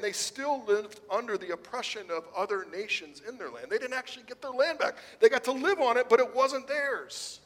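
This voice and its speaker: A man preaching a sermon in a church, swinging between loud emphasis and hushed delivery. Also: on the high side. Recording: long hall reverb.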